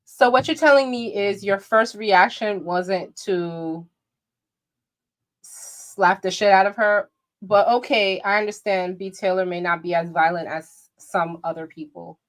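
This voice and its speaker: A woman hosting a livestream, reacting to a video with brash, profane and theatrical outrage. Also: on the low side. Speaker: livestream commentary host.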